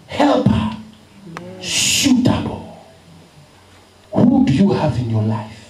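Male pastor, high voice, slow deliberate delivery that swings wildly in pitch, shouting emphatic points in an echoey hall. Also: wildly swooping pitch, slight background noise. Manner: emphatic, repetitive, often shouting. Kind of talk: impassioned sermon. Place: conference hall.

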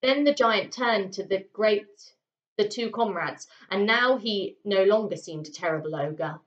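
A woman teacher reads a children's story aloud with expressive, dramatic pauses. Her pitch sits mid-range, and the recording is roomy and slightly dull. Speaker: primary school teacher.

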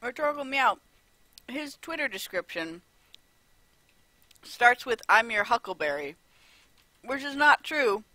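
A woman's voice: on the high side, sing-song, slow, long pauses, pushed and bright, no room sound. A woman streamer giving casual, rambling gameplay commentary, full of fillers and asides, on a close desk mic. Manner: chatty, rambling, with lots of fillers. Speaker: let's play streamer. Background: faint game music.

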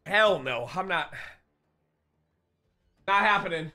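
A man talks with viewers on a live stream in a high, bright voice, teasing and laughing as he goes. He takes his time over his words, and soft music plays faintly behind him. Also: animated, slow pace. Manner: playful joking banter, laughs often.

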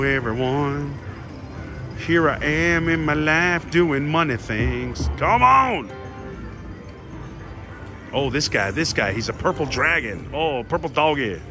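Animated high-voiced man in a casino. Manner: animated, jokey, shouts at the machine, fast swings. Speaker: casino vlogger. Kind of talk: excited slot-play commentary. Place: casino floor. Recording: slot machine music behind.

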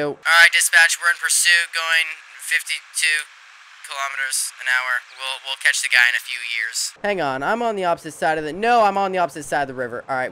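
A man's voice: mid-range voice, pushed and bright, smooth. A young man hosting a farming game, giving casual joking commentary in a rambling, playful way. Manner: jokey, rambling, playful cowboy banter. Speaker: gaming channel host.

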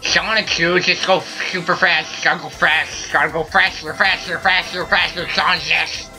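A man's voice: on the high side, little pitch movement, normal speed. Man, let's play commentary, put-on silly voice, frustrated ranting, piercing tone. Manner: loud, frustrated ranting at teammates. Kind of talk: casual game commentary. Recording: faint game music behind. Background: game music.

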